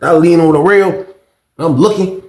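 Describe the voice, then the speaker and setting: Brief: man, high gravelly voice, lively storyteller, echoey room. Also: moderate pace. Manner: animated, acts out quotes, repeats himself. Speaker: storyteller recounting prison life. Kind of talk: casual storytelling.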